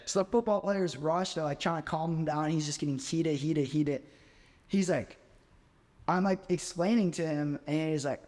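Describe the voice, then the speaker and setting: A man's voice: a little high, moderate pace, big-room sound. A man in his twenties, a podcast guest, telling a story in a casual way and filling his speech with "like". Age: 20s. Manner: constant "like" fillers, animated.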